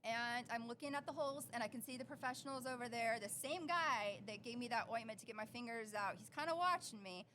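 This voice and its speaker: Animated storytelling woman. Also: fairly high pitch, fairly quick, hardly any pauses, slight background noise. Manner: animated, acts out quotes. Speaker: podcast co-host. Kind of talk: casual storytelling chat.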